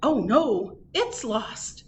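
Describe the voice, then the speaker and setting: A woman voicing a frantic, lost man running late for his own wedding, yelling in a shrill panic. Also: sing-song, extremely slow, slight background noise, heavily acted. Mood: panicked.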